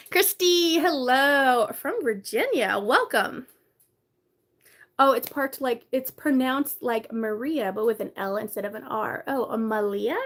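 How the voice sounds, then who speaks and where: A woman with a highish, fairly bright voice chats casually on a live stream from her bedroom. She greets viewers by name and laughs often, though she sounds tired and coughs now and then.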